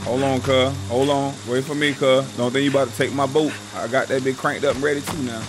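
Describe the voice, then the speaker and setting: A man's voice: mid-range voice, little pitch movement, a little fast, low-quality recording. A man hosting a live gaming stream, ranting and trash-talking his viewers in a profane, casual way over game music. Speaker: gaming livestream host.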